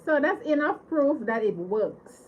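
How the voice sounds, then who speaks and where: A woman's voice: on the high side, a little slow, dull audio, a little hiss or hum. A woman hosting a casual livestream from her home, giggly and apologetic, thanking her viewers again and again. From Caribbean. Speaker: livestream host. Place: home living room.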